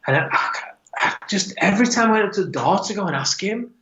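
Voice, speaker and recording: Earnest man, fairly high voice. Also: lively intonation, quick pace, sharp tone, a little hiss or hum. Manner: earnest, reflective storytelling. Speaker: podcast guest, men's coach. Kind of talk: personal story told in an interview. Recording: roomy, slightly dull podcast audio.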